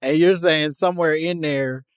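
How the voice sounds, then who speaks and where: A man's voice: on the high side, steady tone, normal speed, dry recording, clean studio sound. A man hosting a casual conversational interview, asking probing, amused questions and laughing often.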